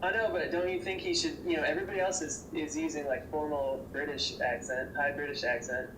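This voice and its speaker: A man's voice: fairly high pitch, steady tone, brisk, far from the mic. A man chatting about movies, earnestly defending the films he likes. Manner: earnest, defends his picks. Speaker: movie reviewer. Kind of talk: casual podcast banter. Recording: echoey room, off-mic, noisy.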